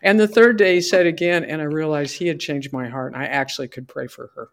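Speaking fast in a low voice with fairly even intonation, a middle-aged woman gives an earnest faith testimony as a guest on a podcast. Along the way she acts out her prayers and dialogue.

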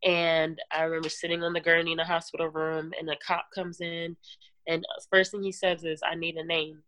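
A woman guest giving an earnest personal testimony in an interview, talking in halting runs with restarts and fillers. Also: lowish voice, level tone, fairly bright tone. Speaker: podcast guest.

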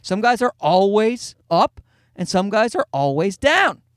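A man's voice: high voice, sing-song, measured pace, dry recording, studio quality. A male comedian voicing a blunt, matter-of-fact veteran basketball coach.

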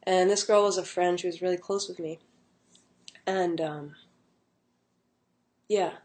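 A woman's voice: lowish voice, steady tone, a little slow, a little mellow. A young adult woman casually telling a personal story at home, rambling with many fillers and restarts. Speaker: vlogger.

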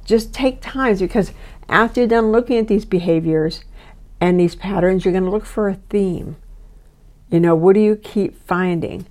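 A woman in her sixties hosts a self-help podcast, speaking straight to the listener. Her voice sits at an ordinary middle pitch, and her delivery is earnest and instructive, like a coach giving homework. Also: moderate pace, a little mellow. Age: 60s. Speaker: podcast host and life coach.

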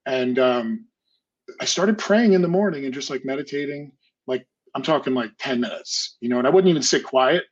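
A man's voice: medium pitch, normal speed, slightly rough, dull audio. A man casually telling a personal story in an interview, full of fillers like "like" and "you know," sometimes acting out his past self.

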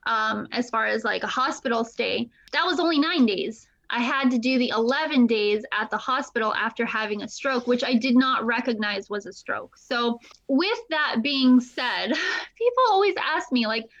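A woman's voice: a little high, moderate pace, a bit bright, dull audio. A woman guest telling her own story candidly, with fillers and laughs. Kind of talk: casual interview talk.

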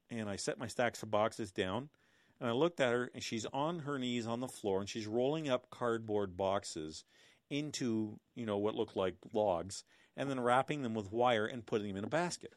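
A middle-aged man who rambles through a casual storytelling monologue, sardonic and mocking, with a chuckle never far off. His voice sits at a middling pitch. The recording is dry and close, with no room sound. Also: normal speed, dry recording.

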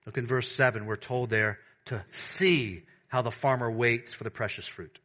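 A male pastor preaching a sermon, alternating between fervent, raised declarations and soft, hushed appeals to his congregation. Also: mid-range voice, fairly even intonation, normal speed. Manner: swings from loud preaching to hushed tenderness; addresses the congregation as beloved.

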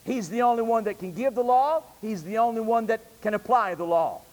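A man's voice: sits high, fairly quick, darkish tone. A man preaching a sermon to his congregation, firing rhetorical questions at them. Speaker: pastor. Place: church sanctuary. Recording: reverberant church hall.

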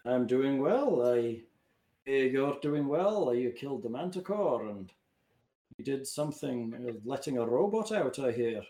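A man's voice: medium pitch, expressive, a little slow, warm tone, natural voice. A man voicing a wry, oil-stained female shopkeeper who sells spells, in an echoey room.

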